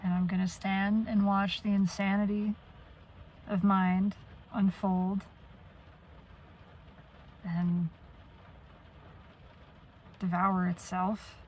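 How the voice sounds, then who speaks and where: A woman's voice: medium pitch, level tone, extremely slow, long pauses, a little mellow, slight background noise, low-quality recording. A woman venting in a personal monologue, blunt and profane, often trailing off and restarting. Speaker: vlogger.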